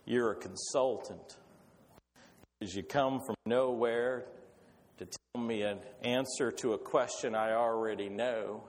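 A man voicing an old, steady sheep herder who talks slowly and says little. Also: medium pitch, close to an everyday voice. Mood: dry, knowing. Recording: echoey hall, faint background noise.

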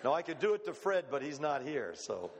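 A man's voice: a little high, sing-song, fairly quick. Folksy preacher man in echoing hall. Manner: folksy, conversational preaching with rhetorical questions. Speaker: pastor. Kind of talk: sermon. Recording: long hall reverb.

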